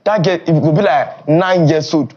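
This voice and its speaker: A young man with a Nigerian Pidgin English accent talks in a fairly high voice that often jumps up and gets loud. The animated, casual talk sounds a little dull and muffled, like TV studio audio. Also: normal speed, husky. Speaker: streamer and content creator.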